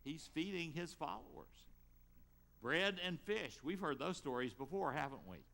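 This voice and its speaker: A man preaching a sermon as pastor, retelling a story with lively rises and drops in his voice. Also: fairly high pitch, measured pace, vocal fry, big-room sound. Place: church sanctuary.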